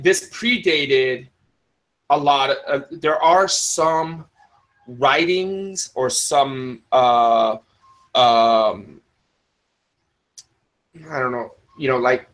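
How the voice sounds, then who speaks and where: Bright-voiced rambling male podcast host. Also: medium pitch, rough recording. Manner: rambling, with many restarts and fillers; answers live chat, spells words in the phonetic alphabet. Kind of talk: casual podcast talk.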